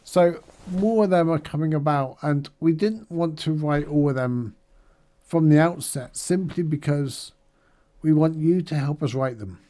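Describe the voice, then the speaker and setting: A man's voice: fairly high pitch, a little slow, mellow. A middle-aged man giving a casual, upbeat video-diary recap of a charity challenge day, chatty and rambling with fillers and asides.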